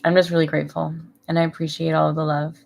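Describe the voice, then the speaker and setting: A woman's voice: deep voice, monotone, fast, creaky, a little mellow. A woman in her thirties chatting casually on a live stream from home, rambling and emotional, laughing often. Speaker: vlogger.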